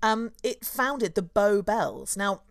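A woman from London, a tour guide hosting a casual chat, playful and quick to laugh. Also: medium pitch, animated, vocal fry, no room sound, clean studio sound. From London, England. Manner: chatty, playful, laughs often.

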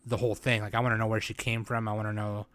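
A man's voice: on the low side, little pitch movement, racing, a bit bright, no room sound. A man co-hosting a casual chat about anime, rambling with lots of fillers and bursts of laughter. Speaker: podcast co-host.

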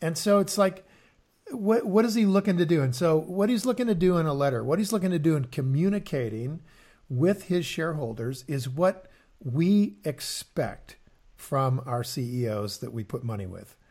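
A man's voice: fairly high pitch, expressive, normal speed, darkish tone. A man co-hosting an investing podcast in casual chat, often repeating words and using fillers as he explains. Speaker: podcast co-host.

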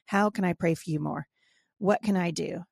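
A woman's voice: fairly low pitch, normal speed, vocal fry, breathy edge, no room sound, clean studio sound. A middle-aged woman co-hosting a casual talk about parenting. She tells reflective stories from her family life. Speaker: podcast co-host.

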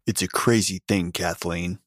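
A man reading a story, voicing a loyal young man who pleads in urgent, hushed tones. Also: low voice, fairly even intonation, a little slow, dry recording, studio quality. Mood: pleading, urgent.

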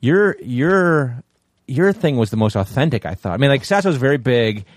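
A man's voice: mid-range voice, lively intonation, moderate pace, dry recording, clean studio sound. A man co-hosting a casual podcast, rambling through recollections with many fillers. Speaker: podcast co-host.

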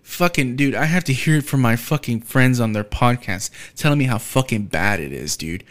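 A man's voice: mid-range voice, lively intonation, moderate pace. A young man from Texas hosting a podcast, delivering a blunt, profane solo rant. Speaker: podcast host.

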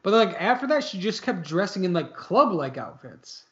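A man's voice: high-pitched, very animated, moderate pace, fairly bright tone. A man chatting casually about a movie, rambling and hedging with lots of fillers. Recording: slightly dull lo-fi audio.

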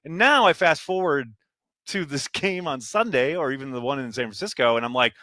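A man's voice: mid-range voice, fairly quick, no echo. A man co-hosting a casual sports podcast, telling long rambling stories and acting out fans' complaints. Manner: animated, rambling storyteller who mimics fans. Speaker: podcast co-host.

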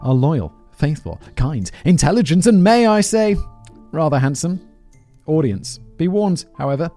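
A man's voice: fairly high pitch, big pitch swings, a little slow, warm tone, soft background music. A man with an English accent hosting a podcast, reading a script aloud and breaking off into rambling, self-deprecating asides. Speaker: podcast host.

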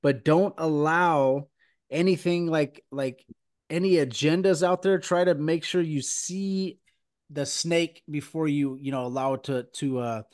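A man's voice: a little high, steady tone, unhurried, darkish tone. A man hosting a Christian podcast, talking earnestly and rambling with many fillers. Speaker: podcast host. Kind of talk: casual podcast chat and preaching.

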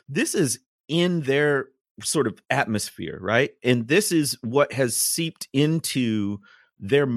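A man's voice: mid-range voice, a bit bright, no echo, clean studio sound. A man co-hosting a casual political discussion, explaining earnestly and drawing on scripture. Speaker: podcast co-host.

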